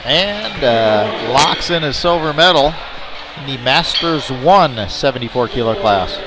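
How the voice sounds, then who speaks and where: A man's voice: mid-range voice, lively intonation, unhurried. A man announcing lifts at a powerlifting meet, with chatty, joking asides between attempts. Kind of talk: live powerlifting commentary. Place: indoor competition venue. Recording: noisy arena ambience.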